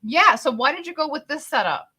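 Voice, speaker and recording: A woman's voice: high-pitched, lively intonation, a little fast, pushed and bright. A woman with a Canadian accent hosting a casual interview chat, chatty and easily amused. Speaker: podcast host.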